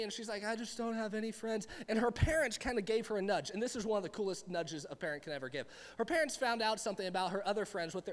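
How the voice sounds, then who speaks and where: A young man preaching a sermon to a live audience in a church hall, in a chatty, animated, rambling way. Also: high voice. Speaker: pastor. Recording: long reverb of a large hall.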